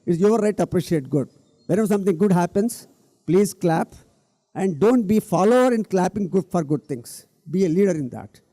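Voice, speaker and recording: Middle-aged guy giving a stage talk, higher voice, dark mellow tone, dry sound. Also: animated, brisk, dry recording. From India. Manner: earnest, emphatic, repeats key words, addresses the audience directly. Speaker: speaker at a public talk event.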